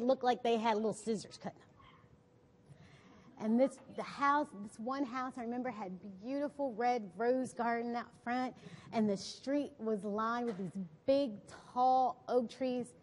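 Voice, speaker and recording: A woman with a high voice gives an animated inspirational talk from a stage, checking in with her listeners as she tells her story. Her voice rings out with the long reverb of a big hall. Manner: animated, often asks the audience "right?". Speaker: motivational speaker. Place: on a stage before an audience.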